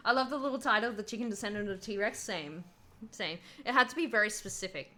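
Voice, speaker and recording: A woman's voice: medium pitch, fast, sharp tone. A young adult woman streaming a first playthrough of a video game, reading the game text aloud and joking about it. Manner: playful, reads game text aloud with quips. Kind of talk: casual game playthrough commentary.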